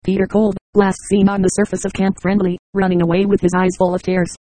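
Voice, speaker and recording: An audiobook narrator reading a science-fiction novel in an even, steady manner. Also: medium pitch, brisk, no room sound, rough recording.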